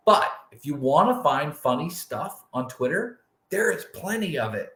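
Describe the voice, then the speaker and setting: A man's voice: on the high side, very animated, moderate pace, fairly bright tone. A man from the United States co-hosting a podcast, chatting casually with frequent restarts. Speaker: co-host. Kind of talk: podcast conversation. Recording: echoey room.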